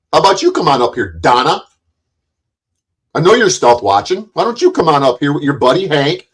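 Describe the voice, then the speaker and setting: A man hosting a livestream, taunting guests and trading profane insults in a combative argument. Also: medium pitch. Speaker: livestream host.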